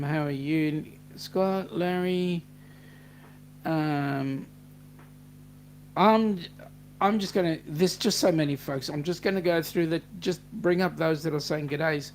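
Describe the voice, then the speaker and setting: A man's voice: on the high side, slight background noise. An Australian man hosting a casual live-stream chat, reading out viewer comments and greeting each by name. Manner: chatty, reads viewer comments aloud with g'days. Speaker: host.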